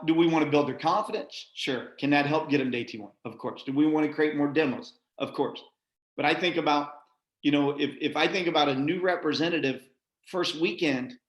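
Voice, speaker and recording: A middle-aged man with a fairly high, bright voice gives a folksy, motivational sales-training talk. He checks in with his listeners often, repeatedly asking "right?" The room is echoey.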